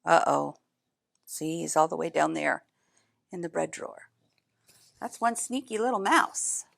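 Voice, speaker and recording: A woman reading a picture book aloud in an expressive way, adding chatty asides to young listeners. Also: lowish voice, a little slow, creaky, dry recording, studio quality. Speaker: storybook reader.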